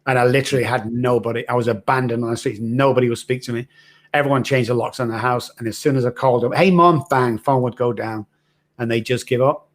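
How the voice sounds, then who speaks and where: A middle-aged man guesting on a podcast as a recovery expert speaks fast at a medium pitch with flat delivery. He is earnest, raw, and frank as he relates his own hard personal story.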